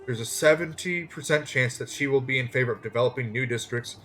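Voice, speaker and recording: A man reading out a scheming woman property agent from a game, all smooth sales talk and big claims. The voice sits in a middling register and stays plain, as if read straight off the screen. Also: mid-range voice, fast, fairly bright tone, soft background music, natural voice. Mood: salesy. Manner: plain read-aloud, no put-on voice.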